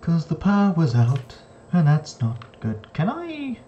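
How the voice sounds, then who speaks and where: Playful, lively-voiced man narrating a game. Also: on the high side, takes it slowly, highs cut off, slight background noise. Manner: playful and chatty, talks to game characters, slips into silly voices. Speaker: gaming channel host. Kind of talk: casual let's-play commentary.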